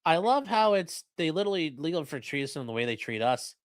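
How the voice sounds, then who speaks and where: A man's voice: fairly high pitch, big pitch swings, fairly quick, no room sound, studio quality. A man hosting a casual livestream, talking bluntly with profane, mocking asides. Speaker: livestream host and lawyer.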